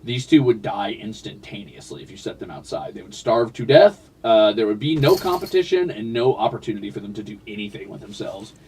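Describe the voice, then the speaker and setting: A man's voice: fairly low pitch, animated, fairly quick, few pauses, a little mellow, breathy edge, distant mic. A man streaming a game, rambling casually and chatting with his viewers. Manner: rambling, chatty, talks to his cats and chat. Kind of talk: casual livestream chat while playing.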